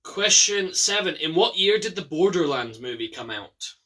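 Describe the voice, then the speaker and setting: A young Scottish man hosting a casual bad-movie quiz, chatty, with quick asides and some swearing. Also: on the high side, lively intonation, sharp tone, recorded from a distance. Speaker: quiz host.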